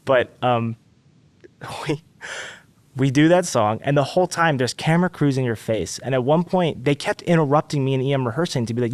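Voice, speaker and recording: A man telling a story as a podcast guest, animated and acting out quotes with big jumps in pitch. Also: brisk, no room sound. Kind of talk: casual storytelling.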